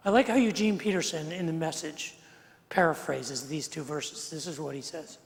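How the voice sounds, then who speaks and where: High-voiced gravelly male pastor preaching. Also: normal speed. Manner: conversational preaching, repeats words, swings from quiet to emphatic. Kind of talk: sermon. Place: large church sanctuary. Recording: long hall reverb from the sanctuary.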